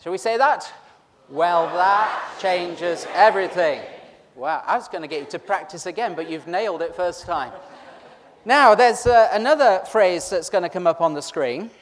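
A man's voice: sits high, lively intonation, a little fast. A man preaching an interactive Easter sermon, chatty and teasing as he pulls the congregation in. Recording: long reverb of a large hall.

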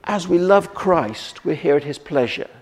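A man's voice: on the high side, animated, unhurried, slightly rough. A man preaching a sermon in a conversational way, with many restarts and rhetorical questions. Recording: long reverb of a church hall.

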